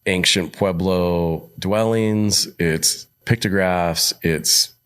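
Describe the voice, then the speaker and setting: Podcast guest, man, 50s, from Montana: deep voice, rambling travel anecdotes, casual. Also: drawn-out words, clear, resonant tone. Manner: rambling, animated when quoting others. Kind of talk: casual storytelling.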